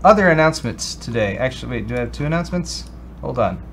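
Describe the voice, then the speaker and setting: A man's voice: mid-range voice, animated, fast talker, gravelly, fairly bright tone, slight background noise. A man co-hosting a casual tech show, talking loosely with frequent restarts and fillers. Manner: rambling, restarts with many ums and uhs. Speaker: co-host. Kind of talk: casual chat.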